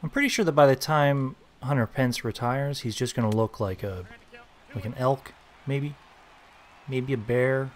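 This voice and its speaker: A man's voice: mid-range voice, a little slow. Chatty man joking over a baseball game. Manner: joking, chatty, reacting loudly to plays. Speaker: gaming YouTuber. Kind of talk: casual gameplay commentary.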